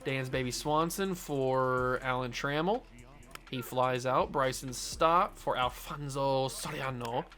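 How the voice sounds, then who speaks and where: A young man giving casual, jokey play-by-play commentary on a baseball video game he is playing, with sudden loud outbursts. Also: mid-range voice, takes it slowly. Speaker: gaming YouTuber.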